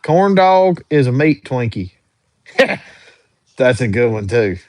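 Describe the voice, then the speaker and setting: A man's voice: medium pitch, very animated, takes it slowly, dry recording. A young man hosting a casual livestream, reading viewer questions aloud and answering them in an easygoing, drawling way. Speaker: livestream host answering chat.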